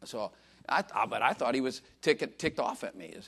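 A man's voice: medium pitch, expressive, a little fast, vocal fry. An older man giving an informal sermon, telling rambling, self-mocking stories full of fillers and asides to a congregation. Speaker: preacher.

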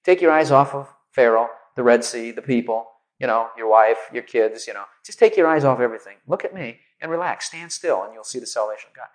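A man voicing God as a relaxed, unhurried male figure speaking softly. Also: mid-range voice, voice pushed down, close to an everyday voice, low-quality recording. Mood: calm. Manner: relaxed, leisurely, soft.

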